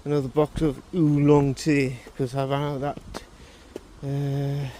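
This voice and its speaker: Slow, rambling tired man. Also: medium pitch, level tone, warm tone, a little hiss or hum. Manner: rambling, halting, self-correcting. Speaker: vlogger. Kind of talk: casual vlog monologue.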